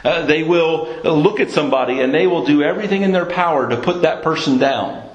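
A man's voice: on the high side, a little fast, echoey room, dull audio. A man preaching a sermon in an earnest tone, often stumbling and repeating words as he searches for the next one.

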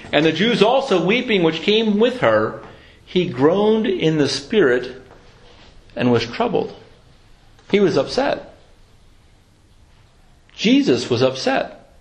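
Earnest man preaching a sermon. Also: sits high. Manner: earnest, reflective, quotes scripture slowly.

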